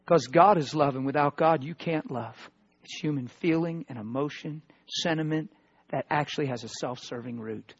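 A man preaching a personal testimony sermon, emotional, swinging between loud outbursts and hushed tones. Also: fairly high pitch, moderate pace, breathy edge, no room sound, muffled recording.

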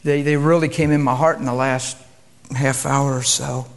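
A male preacher, subdued, calm and quiet, moving between prayer and a reverent sermon. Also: medium pitch, normal speed, gravelly.

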